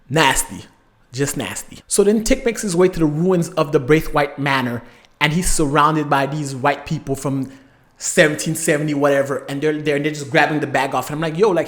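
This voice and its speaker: A man hosting an episode recap, retelling scenes with lively, emotional reactions. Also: a little high. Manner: animated, emotional storytelling with acted-out reactions. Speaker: host.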